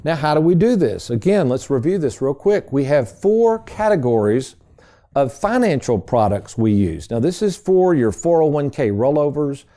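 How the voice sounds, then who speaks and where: A man's voice: a little high, very animated, moderate pace, warm tone. A middle-aged man hosting a radio show, telling a casual story in a folksy way and addressing listeners as folks. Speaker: radio show host and financial advisor.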